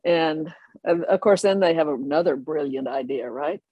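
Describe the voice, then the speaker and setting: An older person telling a family story in a lively way, often laughing and acting out the others. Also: mid-range voice, moderate pace, husky, dry recording. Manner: animated, laughing anecdote telling. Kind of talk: oral history storytelling.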